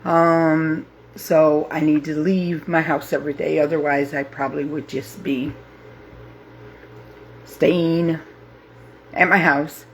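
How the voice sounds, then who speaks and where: Woman, 50s, grief support host; slow, halting, heartfelt delivery with faint background hiss. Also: low-pitched, level tone. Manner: slow, halting, with many pauses and fillers; heartfelt, openly emotional. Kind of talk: live casual talk to viewers.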